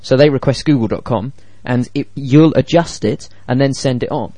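A man co-hosting a casual tech podcast, explaining things in an animated way and acting out quoted dialogue. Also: medium pitch, normal speed, no room sound. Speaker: podcast co-host.

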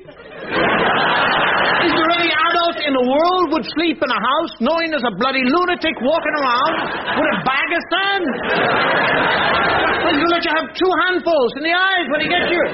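Animated man doing stand-up. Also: very high voice, heavy background noise. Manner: animated, acts out parents' voices, exasperated rants. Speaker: stand-up comedian. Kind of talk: stand-up storytelling. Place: theatre stage with audience. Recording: dull lo-fi live recording with loud audience.

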